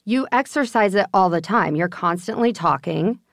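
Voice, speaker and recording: A woman guest on a podcast, an actor and singer, patiently explaining how to warm up and support the voice. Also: medium pitch, normal speed, no room sound, clean studio sound. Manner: patient, instructive. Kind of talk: explaining vocal technique.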